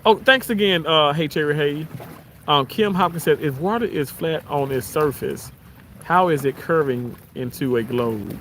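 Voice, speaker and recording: A man's voice: fairly high pitch, normal speed, slight background noise. Southern man live-streaming by the water. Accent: Southern American. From Southern United States. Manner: warm, grateful, chuckles often. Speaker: live-stream host reading chat. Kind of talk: casual live-stream chat. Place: outdoors by the water in the sun.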